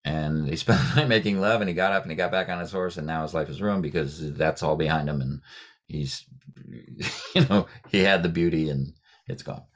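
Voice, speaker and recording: A poet and writing teacher leads a workshop over a video call as a guest speaker. His bass voice is thoughtful, full of fillers and restarts, and he demonstrates sounds slowly.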